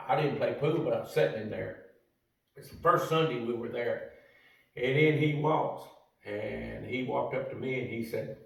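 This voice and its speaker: A man's voice: mid-range voice, moderate pace, creaky. Older man, salty, echoey far mic. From United States. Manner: salty, profane, folksy. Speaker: storyteller. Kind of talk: casual storytelling. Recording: roomy echo from a distant mic.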